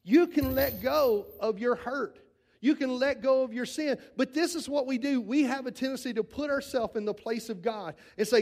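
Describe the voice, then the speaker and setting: Man, high-pitched voice, earnest sermon, shifts between loud and hushed, repeats words for emphasis. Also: normal speed. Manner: earnest preaching, swinging between raised and hushed delivery. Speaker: pastor.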